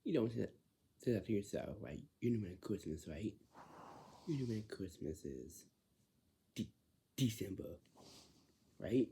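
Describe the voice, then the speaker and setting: A man's voice: fairly low pitch, expressive, a little slow, vocal fry, pauses often, mellow, slight background noise. A man talking casually in a repetitive, lecturing way, often ending lines with "right?" and sometimes dropping into a whisper. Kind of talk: casual monologue.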